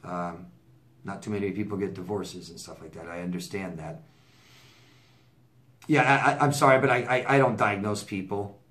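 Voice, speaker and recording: A man's voice: fairly low pitch, moderate pace, long pauses, fairly bright tone. A man working as a relationship coach, answering viewer letters in a casual advice monologue, blunt and repeating himself for emphasis with stammered restarts.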